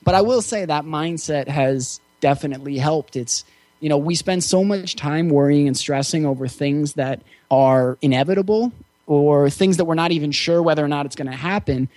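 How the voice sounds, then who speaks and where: Male interview guest, fairly high voice, easygoing and reflective storyteller, close dry recording. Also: normal speed, a little mellow, no room sound. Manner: reflective, easygoing, with frequent fillers. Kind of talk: casual storytelling.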